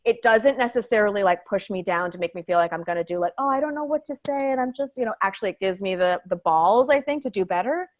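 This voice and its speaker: A woman comedian telling a story in a casual interview, animated and swearing, often saying "like". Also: mid-range voice, quick pace, hardly any pauses. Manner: animated, swearing, heavy use of "like". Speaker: stand-up comedian, guest.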